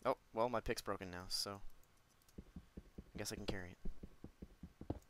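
Jumpy low-voiced gamer, chatty. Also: male voice, unhurried, noisy background. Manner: chatty, jumpy, yelps and laughs when startled. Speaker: let's play gamer. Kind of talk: let's play commentary.

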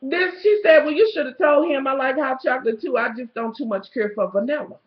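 A woman, telling a profane, animated story as a vlogger, swinging between loud outbursts and low asides. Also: brisk. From Kentucky, USA. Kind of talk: ranting storytelling. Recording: echoey lo-fi home video.

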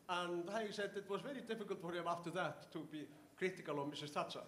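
An older man from Iceland, a professor telling anecdotes in an interview, halting with many fillers and restarts. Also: high voice, a bit bright. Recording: echoey room, faint ambience.

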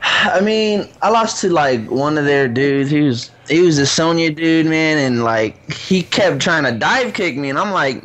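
A man in casual, profane chat, telling an animated, salty story about losing a tournament. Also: a little high, unhurried, poor audio.

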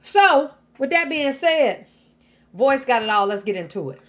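A woman's voice: high-pitched, sing-song, a little slow. A woman hosting a reaction channel, commenting bluntly in casual speech, exasperated and swearing freely.

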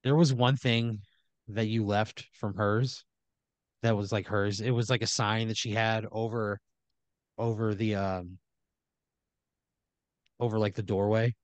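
A man's voice: fairly low pitch, fairly even intonation, unhurried, long pauses, no room sound. Rambling man spinning an improvised tale. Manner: rambling, many restarts and fillers, chuckling. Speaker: podcast host telling an improvised story. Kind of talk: improvised comedic storytelling.

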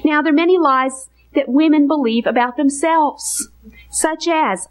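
Woman, Bible teacher, bright high voice, earnest sermon delivery with weighty pauses. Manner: earnest, emphatic, slows on key phrases. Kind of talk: teaching message to women.

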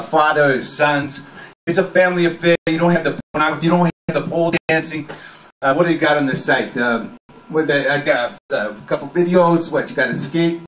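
A man's voice: fairly high pitch, a bit bright, natural voice. A man playing a rambling, cranky radio host. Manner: halting and rambling, full of fillers and restarts; abrupt outbursts barking orders. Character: rambling, cranky male talk radio host, middle-aged. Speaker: comedy performer. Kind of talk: spoof talk radio monologue. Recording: echoey room with background noise.

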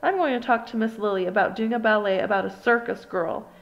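A woman voicing a confident little mouse ballerina girl in a storybook reading, speaking brightly and with enthusiasm. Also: mid-range voice, a little fast, gravelly, big-room sound, dull audio, close to an everyday voice. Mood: cheerful.

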